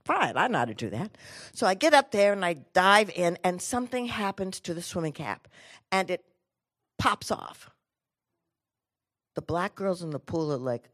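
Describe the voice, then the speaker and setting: A middle-aged woman from the United States giving an inspirational talk, telling a personal story with lively swings between energetic and hushed delivery. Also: moderate pace. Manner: animated storyteller, drops to quiet low tones for emphasis. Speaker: inspirational speaker.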